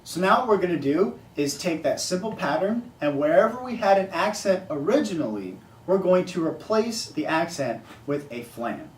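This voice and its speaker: Here the drum teacher's voice is high and sing-song, moving at normal speed with hardly any pauses. He explains the sticking and counts rhythms aloud in a casual way, captured from a distance in a noisy room with echo.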